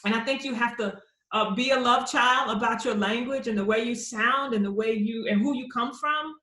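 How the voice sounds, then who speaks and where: Animated woman poet on an echoey call. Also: on the high side, moderate pace. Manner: animated storyteller acting out quoted voices. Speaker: poet answering audience questions. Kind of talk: conversational Q&A at a virtual book launch. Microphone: computer mic on a video call. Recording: roomy echo on a video call.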